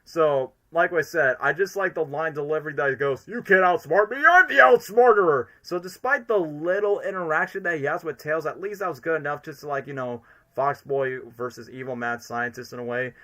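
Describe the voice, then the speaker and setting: An enthusiastic male streamer giving casual fan commentary in a bright voice. He rambles along, leaning heavily on filler words. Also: a little high, fairly even intonation, a little fast, few pauses. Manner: enthusiastic, rambling, fills every sentence with "literally" and "like".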